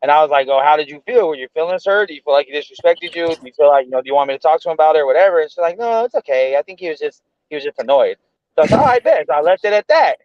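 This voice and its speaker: A man in his thirties co-hosting a casual show, telling a story in animated, slangy speech with lots of swearing. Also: a little high, rapid-fire, no room sound, highs cut off. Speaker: podcast co-host.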